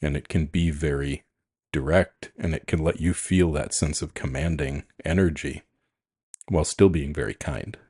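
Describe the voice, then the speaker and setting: A man with a very deep, husky voice speaks in a calm, frank and reflective way in a relaxed podcast chat. The sound is dry and close, with no room around it. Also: normal speed, no echo. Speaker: podcast co-host, coach. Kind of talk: casual chat.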